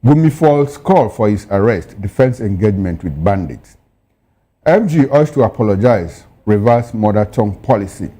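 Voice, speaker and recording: A man's voice: fairly low pitch, lively intonation, normal speed, warm tone, breathy edge. A man co-hosting a newspaper review, reading headlines and dropping pointed, opinionated asides. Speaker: news show co-host.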